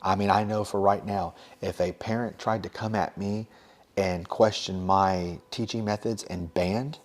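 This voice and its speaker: Casual, lowish-voiced man giving advice. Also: steady tone, measured pace. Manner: conversational, many fillers and asides. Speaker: teacher and podcast host.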